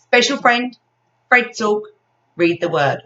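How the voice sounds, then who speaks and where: A woman's voice: mid-range voice, animated, slow pace, sharp tone, distant mic. A woman with an English accent teaching a phonics lesson to young children, praising often in a sing-song way. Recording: dull sound from off mic.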